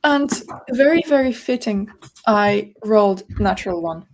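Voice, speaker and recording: Gravelly-voiced woman describing her character. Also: mid-range voice, animated, measured pace, slight background noise. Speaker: player. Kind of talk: tabletop game chat.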